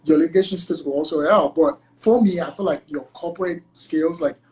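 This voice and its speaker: A man's voice: fairly high pitch, a little fast, faint music behind, low-quality recording. Male guest attorney from Nigeria, casual interview chat, filler-heavy "like" delivery. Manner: chatty, heavy use of "like" as filler; acts out quoted exchanges in lively voices.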